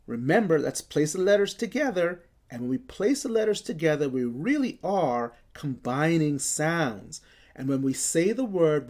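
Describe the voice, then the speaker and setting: A woman leads a children's reading lesson, sounding out each letter and blending it into whole words. Her voice sits fairly low, her pitch swings lively, and she takes her time. She praises often and cheerfully. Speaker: reading teacher.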